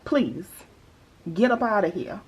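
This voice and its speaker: Sassy, husky woman vlogger. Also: medium pitch, expressive, slow pace, a little mellow, rough recording. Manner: sassy, playful, joking asides. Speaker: budgeting vlogger. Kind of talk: casual chat to viewers.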